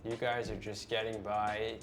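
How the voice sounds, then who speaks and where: A man's voice: fairly low pitch, little pitch movement, moderate pace. Conversational male interviewer over music. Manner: conversational, summarizing and prompting. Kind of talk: interview questions. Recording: music bed under the talk. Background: background music.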